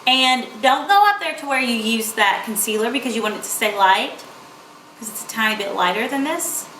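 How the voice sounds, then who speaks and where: A woman's voice: on the high side, expressive, moderate pace, sharp tone, slight background noise. A young woman, chatting playfully through a makeup tutorial. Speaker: beauty vlogger. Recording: echoey room.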